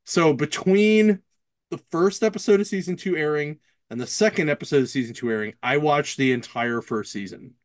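A man's voice: on the high side, moderate pace, dry recording. A man co-hosting a podcast, telling a rambling story in casual chat and acting out the people he quotes. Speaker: podcast co-host.

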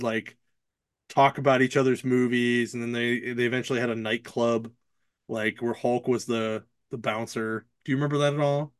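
A podcast co-host with a medium-pitched, fairly bright voice tells a rambling story in casual chat, acting out the people he quotes. There is no echo.

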